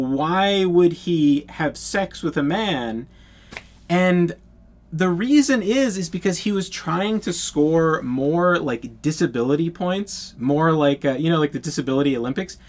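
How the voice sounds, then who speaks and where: Blunt, profane young man telling a story. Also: a little high. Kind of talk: casual storytime monologue.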